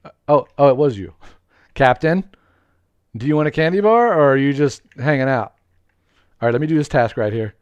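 A man streaming a game live, chatting with viewers, greeting them by name, laughing often and getting excited. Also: medium pitch, normal speed, pauses often, smooth, no echo, dull audio. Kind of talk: live gameplay commentary with viewers.

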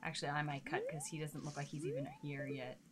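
A woman streamer giving casual let's-play commentary, chatty and talking to herself and the game, swinging between nervous and excited. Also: sits low, quick pace, slight background noise.

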